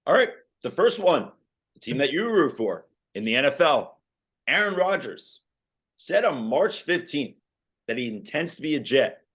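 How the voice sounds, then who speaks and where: Lively young man hosting sports chat. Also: a little high, moderate pace. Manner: lively, quizzing his co-host. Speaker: podcast co-host.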